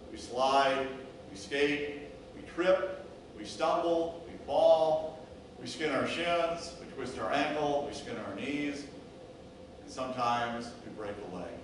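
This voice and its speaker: A male pastor preaches a sermon at a slow, deliberate pace and strings words into rhythmic lists. His voice echoes heavily through the church sanctuary. The microphone sits some distance from him. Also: medium pitch, a little hiss or hum.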